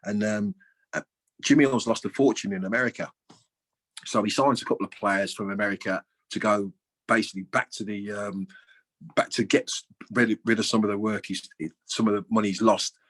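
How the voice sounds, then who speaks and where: A man in his sixties with a lowish, husky voice recounts stories in a loose, colloquial way. He tells them with lively energy, as a guest sharing memories of his football days. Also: a little fast. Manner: lively, acts out other people's lines with big jumps in voice; colloquial, chatty. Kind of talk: anecdotal storytelling.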